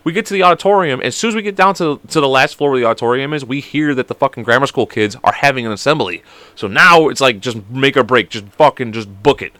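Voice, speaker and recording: A young man hosting a podcast, telling a story in a rambling, animated way full of swearing. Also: medium pitch, fast, no room sound. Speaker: podcast host. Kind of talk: casual storytelling. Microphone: podcast mic.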